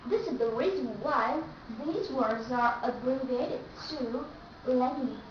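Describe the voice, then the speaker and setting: A woman giving a slow, careful English pronunciation lesson and repeating the example words. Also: high-pitched, a little hiss or hum. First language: Vietnamese. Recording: echoey room, distant mic, dull and lo-fi.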